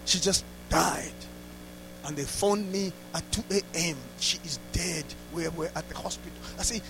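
A man preaching a sermon through a story, dropping to hushed asides and rising to loud exclamations. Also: high-pitched, vocal fry, noisy background. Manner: laughs between lines.

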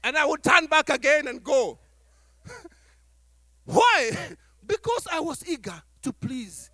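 A man preaching a sermon as pastor to his church, animated, acting out little dialogues and laughing as he talks. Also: very high-pitched, slow pace, no echo, studio quality.

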